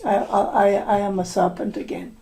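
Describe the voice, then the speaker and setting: A woman voicing a sorrowful, reproachful female serpent wife in a storybook tale, speaking slowly in soft, simple phrases. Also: mid-range voice, close to an everyday voice.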